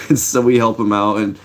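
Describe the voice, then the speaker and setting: A middle-aged man with a slightly low voice talks to his live chat in a loose, rambling way. He tells stories with plenty of fillers and restarts. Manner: laid-back, rambling, many fillers and restarts. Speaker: livestream host. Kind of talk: casual storytelling to a live chat.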